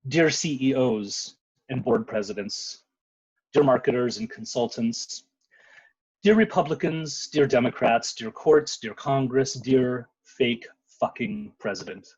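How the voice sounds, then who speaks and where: A man giving a dramatic spoken word poetry reading, with sudden loud outbursts. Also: medium pitch, measured pace, breathy edge, no room sound. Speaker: poet. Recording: muffled lo-fi sound.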